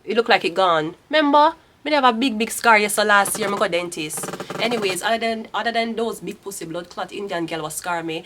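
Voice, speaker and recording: A woman's voice: medium pitch, a little fast, few pauses, fairly bright tone, slight background noise. A woman in her thirties with a Jamaican accent giving a casual tarot reading, ranting bluntly and swearing freely. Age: 30s. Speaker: tarot reader.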